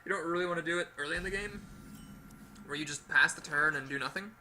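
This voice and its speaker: A man hosting a gaming video, giving chatty, animated play-by-play commentary with playful exclamations. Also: a little high, fast talker, slight background noise. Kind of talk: casual gameplay commentary.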